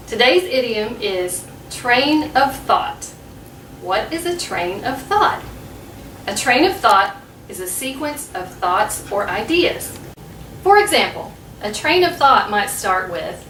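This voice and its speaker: A woman with an American accent teaching English pronunciation as host, patiently and clearly, lifting her voice on key words. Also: on the high side, very animated, unhurried, fairly bright tone, roomy sound, distant mic, a little hiss or hum, low-quality recording. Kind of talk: slow, clear teaching narration.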